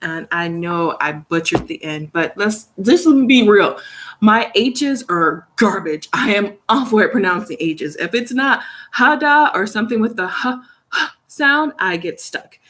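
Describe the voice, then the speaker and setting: A woman's voice: mid-range voice, expressive, measured pace, a bit bright. A young woman chatting casually on a phone live stream from her studio, rambling with fillers and easy laughs. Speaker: vlogger, English teacher in South Korea. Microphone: phone camera.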